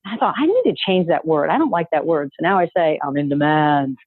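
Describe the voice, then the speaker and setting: Upbeat husky woman coach on a call. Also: lowish voice, big pitch swings, fast talker, no room sound. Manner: upbeat, emphatic, coaxing listeners to repeat phrases. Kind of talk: motivational coaching talk. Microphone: call audio. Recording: dry tinny phone-like call audio.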